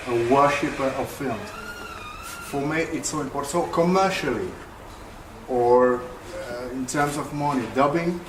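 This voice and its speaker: A man, an actor speaking on a panel at a film event, passionate and searching for his words. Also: medium pitch. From France. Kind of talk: panel discussion remarks. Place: large hall at a film event. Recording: echoey hall from far off with noise.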